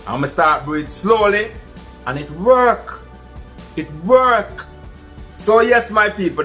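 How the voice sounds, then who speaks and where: A man's voice: fairly high pitch, a bit bright. A man with a Jamaican accent tells a true story to his viewers in an earnest, casual way and calls them "my people". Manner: earnest, addresses listeners as "my people". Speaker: vlogger. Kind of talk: casual first-person storytelling.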